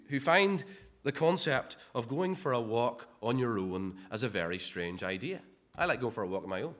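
A man preaches a sermon conversationally, often repeating words and posing rhetorical questions. His voice is mid-range with a fairly bright tone.

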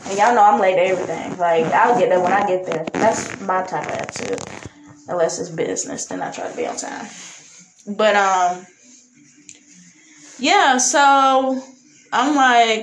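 A woman on a podcast telling a personal story in a blunt, animated, casual way, with Southern US slang. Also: mid-range voice, a little slow, long pauses, a little hiss or hum, poor audio. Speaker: podcast guest.

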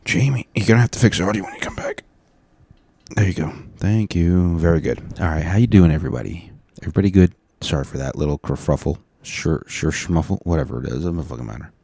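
A man hosting a casual solo podcast, tired and rambling, profane, sometimes breaking into loud rants, speaking into a mic on a stand. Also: deep voice, animated, fast, vocal fry, husky, no echo. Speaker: podcast host. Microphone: studio mic on a stand.

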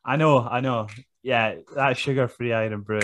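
A man's voice: mid-range voice, fairly even intonation, measured pace, fairly bright tone, a little hiss or hum. A Scottish man co-hosting a podcast, bantering casually, laughing often and swearing freely. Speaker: podcast co-host.

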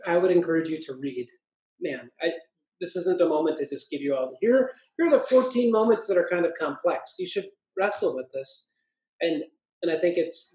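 A man with a notably high speaking voice talks through an idea on a church podcast, full of restarts and asides, drawing out quoted scripture slowly. His voice rings around a roomy, echoey space. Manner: animated, thinks aloud with restarts, quotes scripture in slow emphasis. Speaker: pastor co-host of a church podcast. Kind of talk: casual podcast discussion. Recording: roomy echo.

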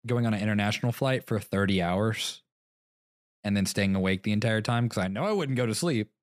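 A man's voice: fairly low pitch, a little fast, dry recording, clean studio sound. A young man co-hosting a podcast, rambling through stories, acting out both sides of conversations and laughing often. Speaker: podcast co-host. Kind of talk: casual chat.

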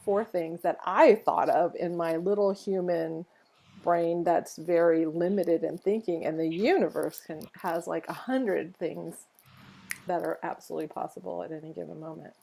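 A woman's voice: lowish voice, steady tone, normal speed, gravelly, mellow. A woman co-hosting a podcast as a life coach, chatting in an upbeat, playfully sarcastic way. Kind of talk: casual spiritual podcast chat.

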